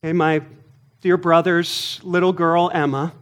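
A man with a notably high voice preaches a sermon at an unhurried pace. He lets his phrases land one by one and leans hard on key words, the way a pastor speaks to his congregation. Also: flat delivery, a bit bright. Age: adult, married. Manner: deliberate, emphatic preaching with pauses and stressed words.

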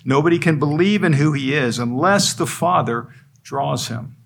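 A man's voice: fairly high pitch, expressive, normal speed, gravelly, slightly rough. A man preaching an expository sermon, earnest and emphatic, driving points home through repetition. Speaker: pastor.

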